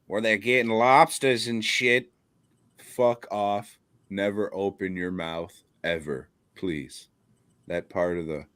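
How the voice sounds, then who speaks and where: Slow, low-voiced, profane podcast host. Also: male voice, fairly bright tone, dry recording. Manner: blunt, profane ranting with frequent laughs. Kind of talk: casual podcast chat.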